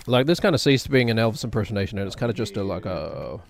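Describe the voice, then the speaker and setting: A man's voice: on the low side, vocal fry, background noise. A man chatting casually on a game stream, rambling and poking fun at himself. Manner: rambling, self-mocking, laughs often. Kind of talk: casual live-stream chat.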